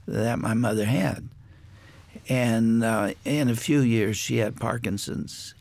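An older man, a guest on a talk show, telling a personal family story in a reflective way with many pauses. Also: mid-range voice, gravelly, a little mellow, no echo.

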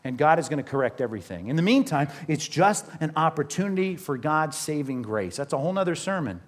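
Man, pastor, sermon, slightly high voice, conversational, asks the listeners questions. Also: animated. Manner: conversational preaching, slows down to stress scripture, asks the congregation questions.

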